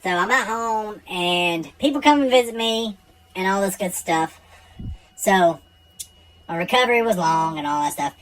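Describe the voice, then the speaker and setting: A man's voice: high-pitched, measured pace, fairly bright tone, low-quality recording. A man telling a true personal story in a casual, blunt and profane way.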